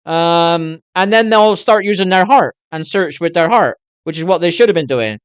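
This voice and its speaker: Man, middle-aged, live streamer, raised pitch, bone-dry room, foul-mouthed, rambling, candid. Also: moderate pace, clean tone, dry recording. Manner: swears constantly, rambling and candid. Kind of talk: casual rambling chat to viewers.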